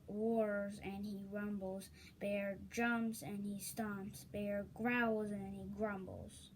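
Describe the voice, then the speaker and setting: A woman reading a children's picture book aloud, unhurried, with chatty asides to listeners. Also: medium pitch, little pitch movement, slight background noise, low-quality recording. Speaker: story reader.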